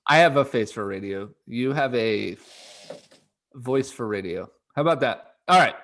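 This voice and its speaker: A man's voice: mid-range voice, expressive, moderate pace, gravelly, fairly bright tone. Golf podcast co-host, man, casual and chatty, restarts often, laughs easily. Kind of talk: casual chat.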